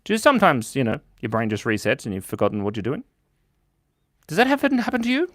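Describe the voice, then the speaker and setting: A playful man hosts a kids' drawing livestream, reading out chat messages in a casual way. His pitch swoops up and down all the time, from loud excited bursts to quiet mumbles. The sound is close and dry, with almost no room echo. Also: quick pace. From Australia. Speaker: livestream drawing host for kids. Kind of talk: casual live-stream chat reading comments. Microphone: mic set in a beard.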